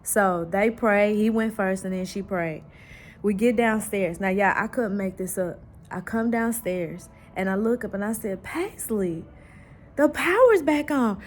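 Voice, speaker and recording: A woman's voice: on the high side, measured pace. Heartfelt woman vlogger sharing her faith. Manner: animated storyteller, prayerful and heartfelt. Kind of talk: casual devotional chat.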